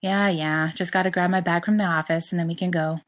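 A woman's voice: lowish voice, steady tone, fairly quick, natural voice. A woman voicing a playful, teasing male English professor who cracks jokes. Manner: teasing, wisecracking.

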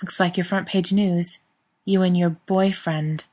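A woman's voice: fairly low pitch, steady tone, unhurried, darkish tone. A woman voicing a brash wisecracking guy. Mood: mocking. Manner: crude, mocking, wisecracking. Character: brash joking young man.

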